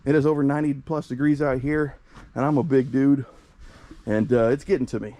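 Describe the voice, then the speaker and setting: A young man from the US Midwest hosts his fireworks vlog beside a storage shed, breathless from the heat as he chats about products with many fillers. He talks briskly in a warm, medium-pitched voice with fairly even intonation, and there's no echo.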